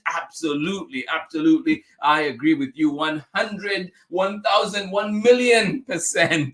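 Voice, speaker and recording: Upbeat male story-time host, mid-pitched, chatty and grateful. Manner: warm, upbeat, laughs often, thanks viewers repeatedly. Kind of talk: reading a picture book aloud and chatting with viewers.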